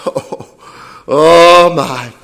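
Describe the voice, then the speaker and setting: Folksy preacher in a reverberant church. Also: male voice, creaky. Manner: folksy, plain-spoken storytelling that swells into loud, high-pitched preaching. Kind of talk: sermon. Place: church sanctuary. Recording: long reverb of a church hall.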